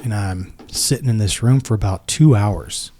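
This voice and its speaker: A man's voice: on the low side, moderate pace, dark tone. A man in his forties, a military veteran and podcast guest, earnestly retelling a personal story and acting out both sides of each conversation.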